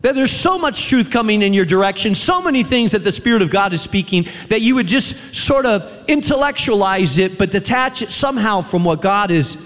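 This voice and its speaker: A man preaching a sermon in a chapel, emphatic, with repeated refrains and dramatic pauses. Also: high-pitched, animated, fairly bright tone. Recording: long reverb of a large hall.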